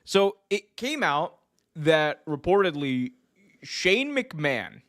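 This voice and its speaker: Male podcast co-host, casual slangy chat, animated delivery with lots of laughs, slightly high voice. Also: slow.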